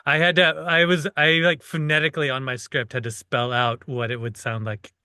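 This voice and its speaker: A man with a bright, forceful voice, recorded close and dry. He chats about his acting in a modest, self-deprecating way and laughs often. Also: fairly high pitch, flat delivery, moderate pace, clean tone, no room sound. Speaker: actor. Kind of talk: casual commentary chat.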